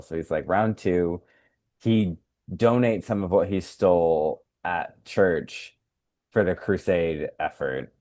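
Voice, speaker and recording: A man's voice: deep voice, unhurried, a little mellow, no echo, clean studio sound. A man co-hosting a podcast, recapping a film in casual chat with lots of fillers and acted-out quotes. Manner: rambling recap with many fillers. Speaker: podcast co-host.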